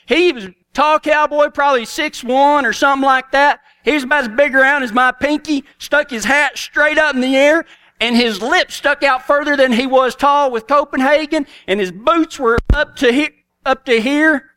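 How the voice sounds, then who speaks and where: A man's voice: extremely high pitch, moderate pace, pushed and bright. A middle-aged man with a Texan accent, telling a folksy story as a cowboy preacher in a sermon. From Texas.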